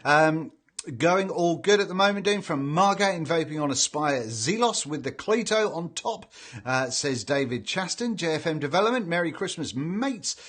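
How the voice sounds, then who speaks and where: British guy on a livestream reading out chat, cheery, slightly higher voice. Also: expressive, normal speed, fairly bright tone. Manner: cheerful, reads out names and greetings. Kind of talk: casual live chat.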